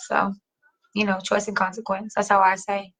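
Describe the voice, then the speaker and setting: A middle-aged woman hosting a casual chat, reading viewer comments, slangy and animated, swearing casually and laughing often. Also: medium pitch, moderate pace, rough recording. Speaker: host.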